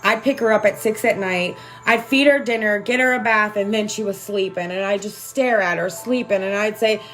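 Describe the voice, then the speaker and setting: A spiritual self-help vlogger talks candidly and emotionally to her livestream viewers about spiritual growth, swearing freely and constantly asking "right?" in a conversational way. Her mid-range, fairly bright voice moves at a moderate pace with few pauses, over faint music.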